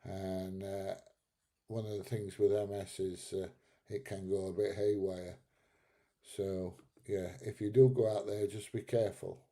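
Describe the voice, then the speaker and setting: A man's voice: low-pitched, little pitch movement, measured pace, mellow. A middle-aged man hosting a live stream, chatting casually and bluntly, swearing and laughing at his own jokes. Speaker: live stream host reading chat.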